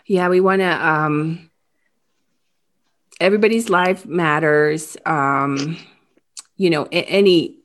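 A woman hosting an interview, talking haltingly with many restarts, close to tears. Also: low-pitched. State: emotional, near tears. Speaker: host. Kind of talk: emotional interview about a crime case.

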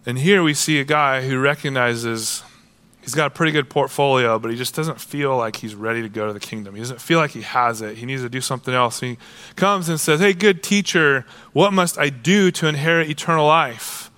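A man preaching a sermon as a pastor, casual and animated, acting out quoted voices. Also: medium pitch, fairly quick, smooth.

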